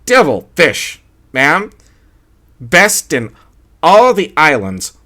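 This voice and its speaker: A male narrator voicing a polite, smiling island waiter with a bright, pleasant delivery. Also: fairly high pitch, wildly swooping pitch, drawn-out words, pitched above the performer's own voice, exaggerated voice.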